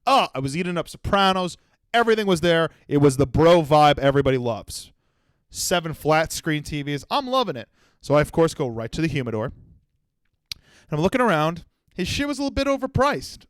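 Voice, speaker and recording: A man in his twenties holds forth on his own comedy podcast, rambling through stories and swearing freely. His voice sits a little high for a man and comes through smooth and clear. The sound is dry and close, with no room echo. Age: 20s. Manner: profane, rambling storytelling. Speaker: podcast host. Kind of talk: solo comedy podcast monologue.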